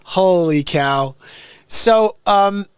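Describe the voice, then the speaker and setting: A man hosting a live stream, ranting comically at his chat, swinging between shouting and hushed asides. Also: high-pitched, extremely slow, smooth, no room sound. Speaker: livestream host. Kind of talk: comedic live-stream rant.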